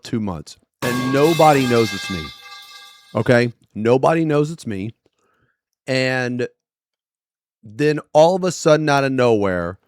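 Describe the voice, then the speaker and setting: A male streamer telling a story in casual, profane livestream chat with animated storytelling. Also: mid-range voice, dry recording, studio quality.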